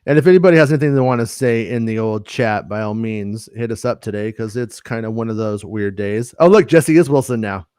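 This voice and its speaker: A man's voice: lowish voice, brisk, hardly any pauses, darkish tone, smooth, no room sound, clean studio sound. A man hosting a casual live-streamed podcast, talking in a joking way with lots of stammered restarts. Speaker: podcast host.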